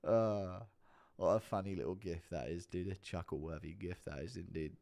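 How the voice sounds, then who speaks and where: Doing laid-back live-stream commentary, a man with a deep, darkish voice speaks at a moderate pace. He's giggly and profane and keeps talking to his chat.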